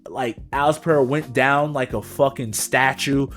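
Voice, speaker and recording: A man's voice: mid-range voice, fairly even intonation, normal speed, a bit bright, soft background music. A young man co-hosting a podcast, recapping fights in casual, slangy chat and adding his own punch sound effects. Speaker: podcast co-host.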